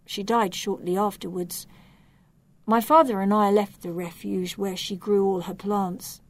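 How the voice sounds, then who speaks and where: A sad young merman boy talks quietly and earnestly in a storybook reading, as a woman puts him on. His voice sits at an ordinary middle pitch, dropping into a hush when he speaks of painful things. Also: lively intonation, unhurried.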